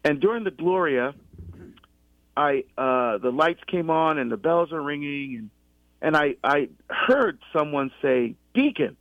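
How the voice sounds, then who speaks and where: A middle-aged deacon from the US East Coast in a conversational faith talk, telling his story with many restarts and animated quoted exchanges. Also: fairly high pitch, measured pace, no echo. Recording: dull lo-fi sound.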